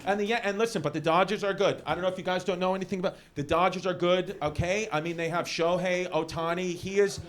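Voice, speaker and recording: A man's voice: high-pitched, fairly even intonation, quick pace, hardly any pauses. A man from New York with a New York accent, doing a rambling stand-up set on a club stage. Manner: rambling, loud bursts for punchlines. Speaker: stand-up comedian. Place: comedy club stage with laughing audience.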